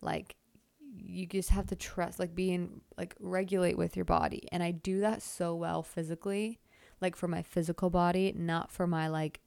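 Chatty young woman with gravelly fry. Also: fairly low pitch, little pitch movement, normal speed, a little mellow, dry recording, studio quality. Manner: rambling, chatty, self-deprecating humor; lots of filler "like". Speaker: podcast host. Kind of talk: casual storytelling monologue.

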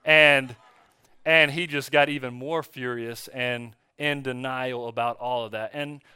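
A male pastor preaching a conversational sermon, telling a story in a relaxed way with fillers and restarts. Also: medium pitch, measured pace, clean tone, dry recording, studio quality. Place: church.

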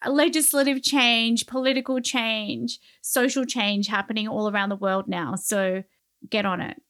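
A woman's voice: fairly high pitch, steady tone, a little slow, fairly bright tone. A woman from Australia, a journalist guest in an interview, giving earnest, emphatic advice. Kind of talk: remote interview.

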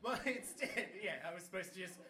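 A man with a bright, ringing tone tells a story in loose, animated chat, cursing often and breaking into laughter. His voice sits a little high for a man. He sounds set back from the mic in an echoey room. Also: brisk. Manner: animated, swears freely, laughs mid-story. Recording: roomy sound from a distant mic.

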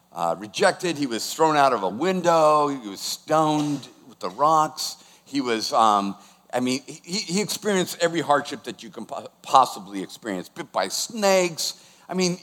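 A man preaching a sermon, animated, rising to bursts of emphasis. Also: fairly high pitch. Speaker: pastor. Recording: long hall reverb.

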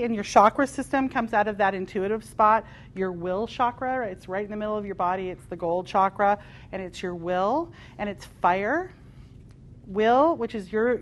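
A woman with a mid-range voice leads a live spiritual workshop in front of a group. Her delivery is passionate and emphatic, swinging from loud declarations down to quieter asides. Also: mid-range voice. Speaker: workshop leader. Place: workshop room with a live audience.

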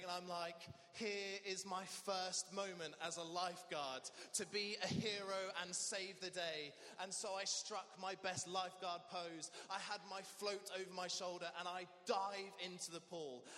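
Young guy vicar telling a funny story in church, bright voice, big hall echo. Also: high voice. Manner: storytelling, animated and humorous. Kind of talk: sermon.

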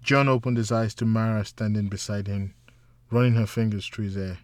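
A man narrating a novel in a slow, measured reading voice. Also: on the low side, fairly even intonation, darkish tone, no echo. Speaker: audiobook narrator.

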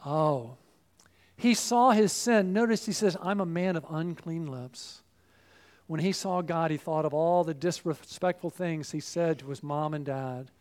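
A man preaching a sermon, emphatic, moving between loud exclamations and hushed asides. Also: fairly high pitch, measured pace.

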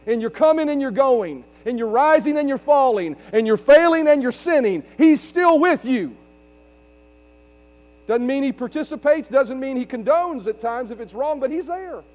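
A man's voice: very high voice, expressive, moderate pace, darkish tone. A man preaching a sermon as pastor, driving his points with emphasis and questions to the congregation. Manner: preaching with rising emphasis and audience call-outs. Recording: long reverb of a large hall with mains hum.

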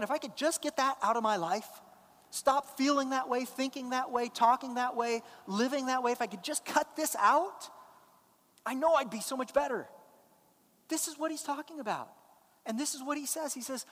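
Pastor preaching, emphatic but chatty, mid-pitched voice ringing in a big reverberant church. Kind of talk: sermon. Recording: long hall reverb.

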